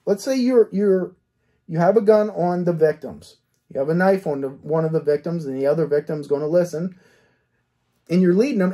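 A man's voice: high voice, dark tone, slightly rough. A man, a cold case detective, talking through a case step by step, asking himself rhetorical questions and checking in with "okay?". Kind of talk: case analysis commentary.

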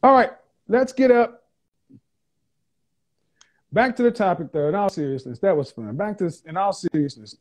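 A man with a high-pitched voice hosts a casual livestream. He reads comments from his viewers aloud and answers them with mocking sarcasm. He hammers home his jokes by repeating them. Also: animated, moderate pace, long pauses. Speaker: livestream host.

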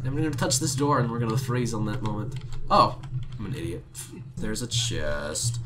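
A man co-hosting a casual let's play, joking and self-mocking, with sudden loud outbursts. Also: on the low side, sing-song, moderate pace, noisy background. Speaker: gaming channel co-host. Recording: game music behind the voice.

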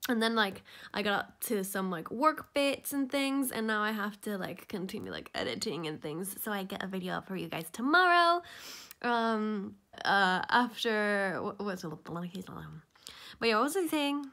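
A tired woman talks to camera at home in an easy, rambling vlog manner. She laughs often and sometimes slips into a soft whisper for her asides. Her voice sits at an ordinary middle pitch for a woman. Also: sing-song, measured pace. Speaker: vlogger. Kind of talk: casual rambling vlog chat. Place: at home indoors.

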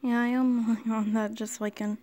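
High-voiced woman rambling while she scrolls. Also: level tone, normal speed, soft background music. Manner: rambling, drops into quiet whispers while scrolling. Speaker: channel host. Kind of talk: casual screen-scrolling commentary.

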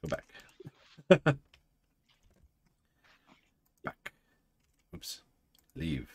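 A woman's voice: extremely low pitch, huge pitch swings, extremely slow, breathy edge. A woman hosting a game livestream, chatting casually and narrating what she clicks. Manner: laid-back, narrating game menus. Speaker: streamer host.

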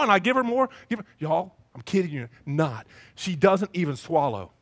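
A male pastor preaching a sermon, telling stories in a lively way and acting out the voices of the people in them. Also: on the high side, fairly quick, hardly any pauses. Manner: lively storytelling, acts out voices.

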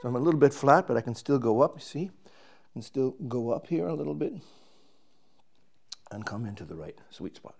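A man's voice: medium pitch, animated, a little fast, gravelly, a little mellow. A man, a trumpet player, casually explaining and demonstrating his instrument, thinking aloud as he works and restarting his sentences.

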